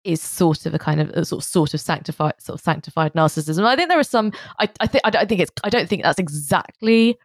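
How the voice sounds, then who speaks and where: A woman's voice: fairly low pitch, quick pace, hardly any pauses, no echo, clean studio sound. A woman co-hosting a podcast in casual chat, speaking hesitantly with many hedges.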